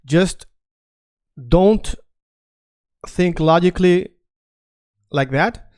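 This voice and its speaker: Guy teaching online, kinda high voice, rambles and repeats stuff. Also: very slow, darkish tone, smooth. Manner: chatty, digresses, repeats phrases while writing on screen. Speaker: Spanish teacher. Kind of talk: casual online language lesson.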